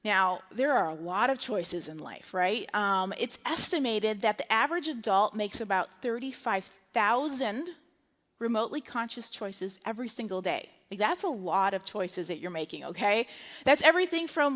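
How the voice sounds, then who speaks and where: A woman's voice: mid-range voice, expressive, normal speed, a bit bright. A woman preaching a sermon at a live church service in a chatty, humorous way. She keeps checking in with her listeners with "okay?" and "right?". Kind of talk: conversational sermon. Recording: echoey hall reverb.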